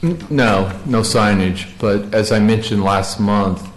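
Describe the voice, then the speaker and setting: A man with a fairly low voice, speaking in a county meeting room with a roomy echo. He answers questions haltingly and often restarts his words. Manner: hesitant, repeats words. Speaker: county staff member presenting. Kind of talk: meeting discussion.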